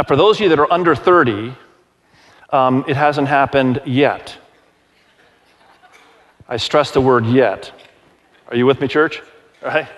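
A man in his forties preaching a sermon to his congregation, telling stories in a conversational, animated way and asking the crowd questions. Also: fairly high pitch. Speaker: pastor. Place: large church auditorium. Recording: long hall reverb.

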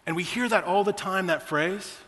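A man's voice: sits high, normal speed, sharp tone, long reverb tail. A man in his forties preaching a sermon, telling personal stories in a conversational way to his church. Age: 40s. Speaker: pastor.

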